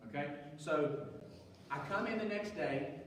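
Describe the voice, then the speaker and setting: A man giving a youth sermon, telling a funny story in an animated, chatty way. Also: on the high side, a little slow, a little hiss or hum. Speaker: youth pastor. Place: large church hall. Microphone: distant from the mic. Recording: echoey hall, distant mic, faint ambience.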